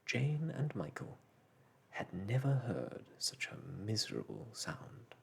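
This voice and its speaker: A man narrating a children's storybook aloud in a gentle, unhurried bedtime-story manner. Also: fairly low pitch, very animated, vocal fry, breathy edge.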